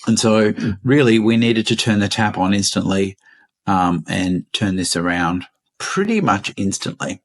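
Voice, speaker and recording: A man with an Australian accent, co-hosting a podcast and explaining things in an unhurried way, with frequent ums and restarts. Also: lowish voice, animated. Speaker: podcast co-host. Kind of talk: casual podcast chat.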